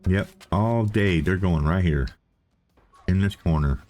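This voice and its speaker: Low-pitched and darkish, this man's voice keeps a measured pace as he plays a game and chats casually for his let's play. He thinks out loud in playful self-talk, repeating himself as he goes.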